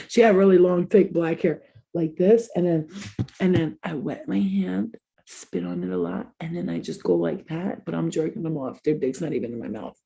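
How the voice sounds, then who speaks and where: Husky-voiced woman telling crude stories. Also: lowish voice, lively intonation, measured pace, warm tone. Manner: candid, crude storytelling with frequent laughs. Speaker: host. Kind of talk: casual chat.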